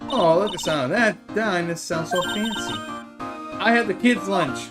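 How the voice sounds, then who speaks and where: A streamer playing a game who reads every character's dialogue aloud in one voice and breaks off for quick asides to viewers. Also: medium pitch. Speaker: let's play streamer. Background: game music.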